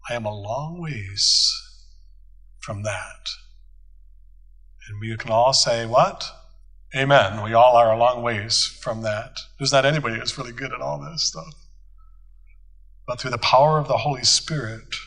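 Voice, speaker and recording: A man's voice: mid-range voice, bright, forceful tone, breathy edge, rough recording. A man, a pastor, teaching a church conference group in a folksy, storytelling way, acting out bits of dialogue. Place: conference hall.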